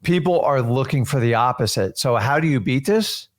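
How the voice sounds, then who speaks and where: Brief: mid-pitched man, motivational co-host, direct and emphatic. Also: animated, normal speed. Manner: emphatic, coach-like, addresses viewers directly. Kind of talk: motivational casual chat.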